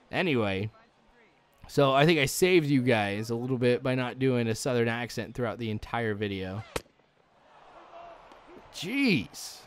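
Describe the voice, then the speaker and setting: A man's voice: medium pitch, slight background noise. A young man giving rambling, chatty let's-play commentary, full of likes and ums, chuckling now and then. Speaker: gaming channel host.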